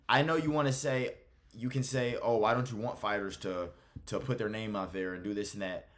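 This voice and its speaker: A man's voice: fairly low pitch, fairly bright tone. Blunt, exasperated man reacting to clips. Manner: blunt and exasperated, swears freely. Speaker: MMA commentary host. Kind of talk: casual reaction commentary.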